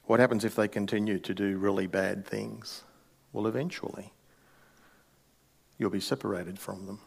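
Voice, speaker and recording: A man's voice: on the low side, fairly even intonation, moderate pace, gravelly, breathy edge. A middle-aged male pastor preaching a sermon in a conversational way, with wry asides.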